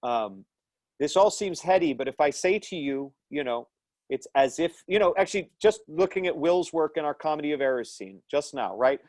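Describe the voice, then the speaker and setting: A man's voice: a little high, expressive, normal speed, darkish tone, dry recording. An American man teaching an acting class over a video call, thoughtful and emphatic, with frequent ums and uhs. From United States. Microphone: video call mic.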